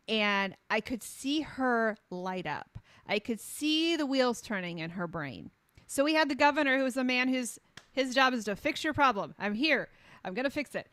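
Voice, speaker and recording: A passionate middle-aged health coach talks at medium pitch, recorded without any room sound. Her advocacy is conversational yet emphatic: she repeats phrases for impact and brings stories to life by voicing the quotes.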